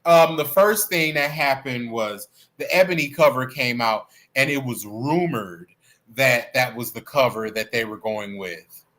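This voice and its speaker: A man hosting a livestream, chatting in a sassy, animated, playful way about celebrity gossip. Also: medium pitch, a little slow. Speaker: livestream host. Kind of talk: casual celebrity gossip chat.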